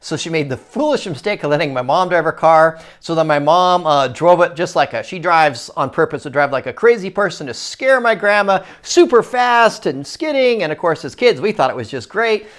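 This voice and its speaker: A man telling a personal story in a casual, rambling monologue, often breaking off and restarting his sentences and growing animated at the exciting parts. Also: on the high side, moderate pace, hardly any pauses. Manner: rambling, self-interrupting, animated when excited.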